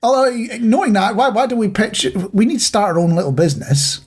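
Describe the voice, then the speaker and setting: A man's voice: high-pitched, expressive, brisk, darkish tone, husky. A Scottish man co-hosting a podcast, chatting casually with a playful, mock-conspiratorial manner. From Scotland. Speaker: podcast co-host. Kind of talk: casual chat.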